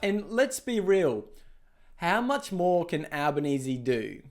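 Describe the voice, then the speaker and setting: A man's voice: high-pitched, sing-song, slow, some chatter behind. An Australian man ranting sarcastically in a reaction commentary vlog, laughing often and swearing, seated at home. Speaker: political commentator. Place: home dining room, seated.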